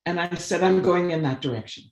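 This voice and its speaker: A woman guest on a video call webinar, telling a long personal story with lively swings as she acts out what people said. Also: brisk, roomy sound. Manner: animated storyteller, acts out quoted voices with big pitch jumps. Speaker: guest, artist and conservationist.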